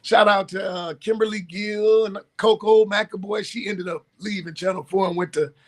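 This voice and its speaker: A man's voice: sits high, moderate pace. A man from Michigan co-hosting a casual sports talk show, acting out conversations and laughing as he tells stories. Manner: animated storyteller, acts out dialogue, laughs a lot. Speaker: co-host.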